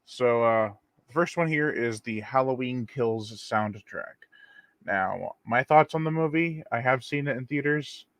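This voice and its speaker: A man's voice: medium pitch, a little slow, dry recording. Casual man hosting a dry live stream. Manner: rambling and relaxed, reads viewer comments aloud. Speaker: channel host.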